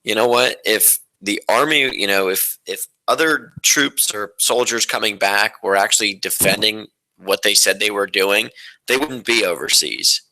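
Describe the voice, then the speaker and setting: Man, low pitch, very bright, hesitant, restarting, radio guest. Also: normal speed, rough recording. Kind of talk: talk radio discussion.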